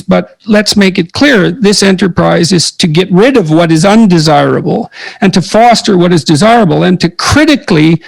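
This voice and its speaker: A man's voice: high-pitched, gravelly, poor audio. A man hosting a podcast, talking earnestly and emphatically as he restates and expands on his guest's points. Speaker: podcast host. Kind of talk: interview discussion.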